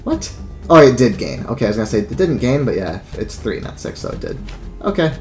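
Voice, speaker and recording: A man's voice: mid-range voice, sing-song, brisk, vocal fry, darkish tone, soft background music. A man giving casual let's play commentary, thinking aloud and swearing freely as he plans his moves. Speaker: gameplay commentator.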